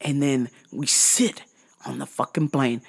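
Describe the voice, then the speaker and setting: A woman telling a profane comic travel rant in an animated manner, jumping into high outbursts. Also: measured pace, vocal fry, slightly rough. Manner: animated, swearing, jumps into high-pitched outbursts. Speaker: vlogger.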